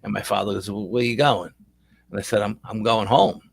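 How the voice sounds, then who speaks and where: A man's voice: lowish voice, fairly quick, creaky, slightly rough. A middle-aged man, a paranormal investigator telling a long rambling story in a casual interview, repeating words as he goes.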